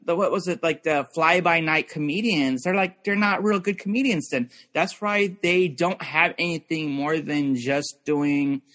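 Young male podcast guest, rambling and loose, voice on the higher side. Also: measured pace, hardly any pauses, a bit bright. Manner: rambling, filler-heavy, restarts often. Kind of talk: casual chat.

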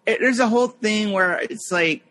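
Man, 30s, casual podcast co-host; high bright voice, rambling storyteller. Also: moderate pace. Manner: rambling, lots of fillers, mimics people in anecdotes.

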